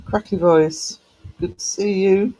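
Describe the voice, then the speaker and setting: A man's voice: high-pitched, steady tone, slow, mellow, poor audio. A man live-streaming and chatting casually with viewers, greeting them by name with affectionate pet names, his voice cracking a little.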